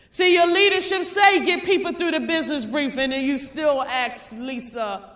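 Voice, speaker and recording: High, bright, preachy woman speaker in a hall. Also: a little slow. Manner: emphatic and preacher-like, repeating phrases, sometimes shouting. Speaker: motivational speaker at a sales convention. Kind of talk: motivational speech. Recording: reverberant hall.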